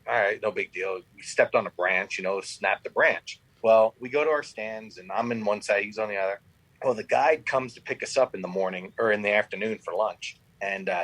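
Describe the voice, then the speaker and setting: Midwestern man, podcast guest, husky voice, spins an anecdote and quotes people. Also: lowish voice, fairly bright tone, no echo, low-quality recording. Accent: Midwestern American. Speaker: guest, veteran outfit founder. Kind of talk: casual storytelling.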